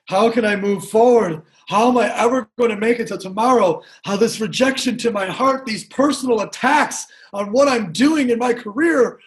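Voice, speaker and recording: A man's voice: very high-pitched, moderate pace, hardly any pauses. A man voicing a server who falls apart over a polite refusal and wails theatrically in self-pity, in a live talk. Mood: wounded. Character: melodramatic server crushed by a polite no.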